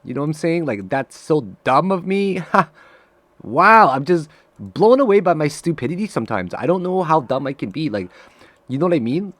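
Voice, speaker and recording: A man giving live trading commentary to his viewers, excitable and profane, swinging from loud frustrated outbursts to low muttering. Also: normal speed, no room sound. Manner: talks straight to viewers, calling them guys. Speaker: day trader streaming live trades.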